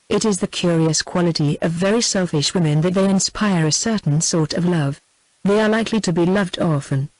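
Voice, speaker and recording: A synthetic text-to-speech woman's voice with a British English accent, reading a novel in even, measured narration. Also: on the low side, no room sound, low-quality recording. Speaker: audiobook narrator. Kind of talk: scripted narration.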